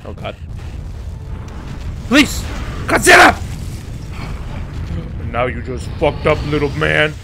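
A man streams a monster-fighting video game live, excitable and profane, commentating with lots of swearing, laughter and outbursts at his opponents while talking to the game. His voice is on the high side and creaky, at a moderate pace with few pauses. Game music and sound effects play in the background.

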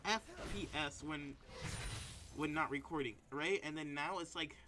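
A man's voice: fairly high pitch, measured pace. A man giving casual live commentary while playing a video game, exasperated and rambling, with frequent exclamations and fillers. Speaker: gameplay commentator. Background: game music.

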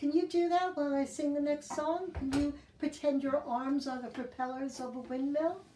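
A woman hosting a children's library storytime, talking to kids in a gentle, teacherly sing-song and reading a picture book aloud. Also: sits high, steady tone, normal speed, distant mic, slight background noise. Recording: echoey room, voice off-mic, guitar behind.

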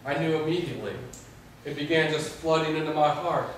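A man's voice: a little high, a little fast, a little hiss or hum. Earnest man preaching in an echoey hall. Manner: earnest, storytelling with quoted prayers. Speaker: pastor. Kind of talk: sermon. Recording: echoey hall, mic far off.

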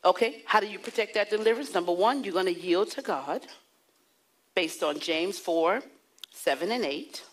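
A woman pastor preaching a sermon, animated and playful with the congregation. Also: lowish voice, normal speed. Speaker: pastor and prophetess.

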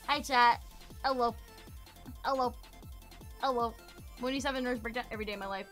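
A young woman streamer chatting with viewers on her desk mic, hyper and loud, swearing and breaking into sudden yells. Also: fairly high pitch, fairly quick, faint music behind. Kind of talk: casual chat with viewers.

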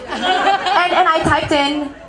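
A woman's voice: extremely high pitch, takes it slowly. A young Mexican woman doing a chatty, self-mocking stand-up set, often laughing through her punchlines. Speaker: stand-up comedian. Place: comedy venue with a live audience. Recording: crowd noise from a live audience.

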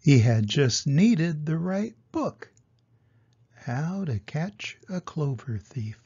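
An older man, a grandfather, reading a children's storybook aloud in a gentle, lively storyteller's way. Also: on the high side, slow pace, slightly rough, lo-fi sound.

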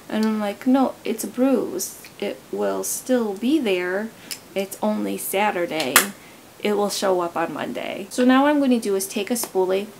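Recorded close to the camera, a young woman chats casually through a makeup tutorial, wandering off into stories as she goes. Her mid-range voice moves at a moderate pace with some vocal fry, and the rough recording carries slight background noise. She's a beauty vlogger.

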